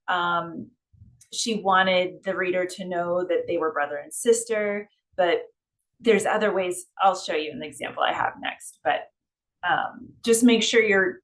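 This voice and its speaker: A woman's voice: lowish voice, fairly bright tone. A woman editor explaining writing tips in a loose, conversational way.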